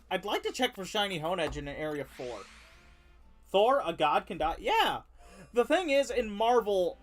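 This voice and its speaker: Rambling streamer with lively pitch. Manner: rambling, laughing, trailing off mid-word. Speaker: game streamer. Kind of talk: casual gameplay chat.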